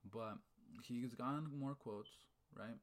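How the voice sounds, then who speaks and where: A man's voice: mid-range voice, slow, slight background noise. A man in casual chat, telling a story with energy, asking "right?" and "okay?" often, with casual swearing and talk of faith. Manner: animated storyteller, fired up, repeats "right?" and "okay?".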